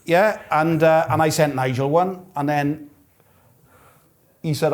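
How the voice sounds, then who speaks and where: A man's voice: a little high, takes it slowly. A middle-aged Welsh man, a guest snooker player, telling stories in casual chat and acting out the people he quotes. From Wales. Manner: animated storyteller who acts out quoted dialogue. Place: snooker room.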